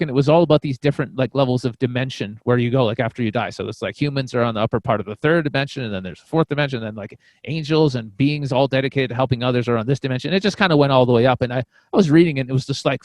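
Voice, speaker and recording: A comedian on a podcast telling a story in a casual, rambling way, full of fillers and restarts. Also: male voice, mid-range voice, very fast, hardly any pauses, no echo. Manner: acts out quoted voices.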